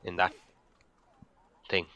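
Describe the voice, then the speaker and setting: A man's voice: slow pace, pushed and bright, highs cut off. A man hosting a casual game replay commentary, rambling with many ums and restarts. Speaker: gaming channel host.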